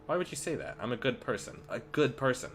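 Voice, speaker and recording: A man's voice: mid-range voice, sing-song, quick pace, creaky, slight background noise, pitched above the performer's own voice. Man reading a cryptic girl changeling. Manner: reads game dialogue aloud, quiet and cryptic.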